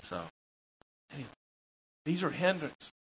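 A male pastor preaching a sermon, telling animated stories with rambling asides. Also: a little high, unhurried, slight background noise, rough recording.

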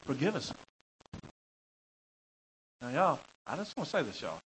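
A male pastor preaching a sermon, telling animated stories with rambling asides. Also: mid-range voice, measured pace, a little hiss or hum, low-quality recording.

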